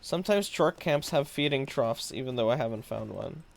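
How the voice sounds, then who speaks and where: A man's voice: medium pitch, expressive, normal speed, vocal fry. A man streaming a game live, chatting casually with viewers, musing aloud and laughing often. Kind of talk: casual live-stream chat while gaming.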